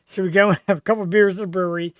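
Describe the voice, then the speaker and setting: A man's voice: high voice, little pitch movement, rapid-fire, no echo. A middle-aged man hosting a show, telling a birthday story with lots of swearing. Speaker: show host. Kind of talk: casual birthday chat.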